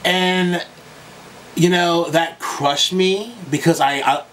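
A man's voice: sits high, steady tone, takes it slowly, a bit bright, distant mic, slight background noise, poor audio. A young man talking straight to his viewers in a casual reaction vlog, tearful and crying at times, emotional and swearing freely. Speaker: YouTube music reactor.

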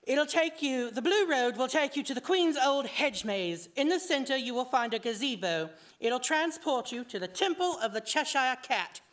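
A woman voicing an excitable, scatterbrained male hatter who rambles from one topic to the next. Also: high voice, moderate pace, few pauses. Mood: excited. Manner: rambling, jumping between topics.

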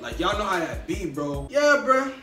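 Animated slangy young man telling a story. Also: sits high, moderate pace. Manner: animated, slangy, emphatic retelling with quoted dialogue. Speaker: vlogger. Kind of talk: casual storytime. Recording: echoey room, mic at a distance, faint music.

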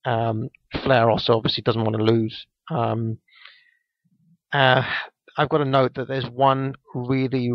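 On a podcast, a male co-host with a medium-pitched, vocal-fry voice casually recaps a wrestling match. He rambles, full of ums and restarts, and the dry lo-fi podcast mic sounds dull.

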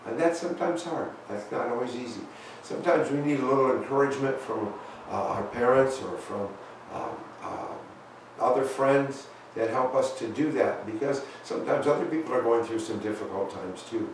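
Man giving a folksy, halting children's talk in a church, roomy echo, far-off mic. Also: medium pitch, a little hiss or hum. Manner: folksy, halting, many fillers. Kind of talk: children's sermon with storybook. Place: church sanctuary.

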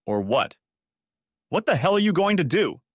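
A man putting on a shrill, furious woman. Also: very animated, normal speed, dry recording, clean studio sound. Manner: yelling, cursing, shrill.

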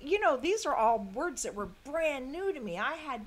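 A woman's voice: sits high, big pitch swings, normal speed, a little hiss or hum. A middle-aged woman, chatting casually and laughing often as host of a quilting livestream, drifting off topic.

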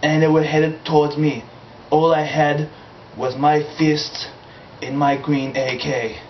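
A man's voice: on the high side, little pitch movement, slow, slight background noise. A man in an amateur comedy sketch, rambling and improvising in a vague put-on foreign accent. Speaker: comic character host. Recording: roomy, dull lo-fi home video.

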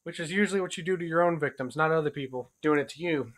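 A young man vlogging in a goofy comic way, often yelling and joking loudly. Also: on the high side, fast. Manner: loud, yelling, jokey, swearing. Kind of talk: goofy comedy vlog.

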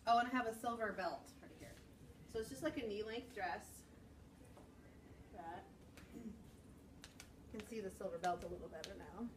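A woman's voice: mid-range voice, normal speed, long pauses, noisy background. A woman teacher in casual vlog chat, telling stories with giggles, filmed on a handheld camera in a classroom. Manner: chatty, giggly storytelling. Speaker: first grade teacher.

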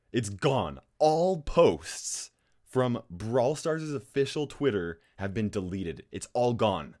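A man vlogging for his gaming channel, talking straight to camera in an anxious, rambling way, with nervous laughs and frequent restarts. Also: lowish voice. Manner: restless, with frequent restarts and fillers. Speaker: gaming YouTuber. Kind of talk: casual talking-head vlog.

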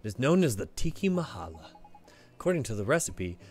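A man's voice: mid-range voice, sing-song, a little fast, close to an everyday voice. Man reading as a polite curry cook.

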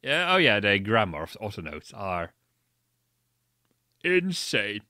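Man doing a lively comedic reading. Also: fairly low pitch, takes it slowly, pauses often, dry recording, clean studio sound. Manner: mocking, stumbling over misspelled words. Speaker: reader.

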